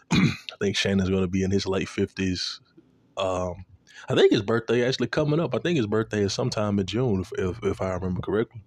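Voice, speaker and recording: A man in a casual, profane sports rant, animated and repeating himself, aimed at a commentator. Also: fairly low pitch, fairly quick, no room sound.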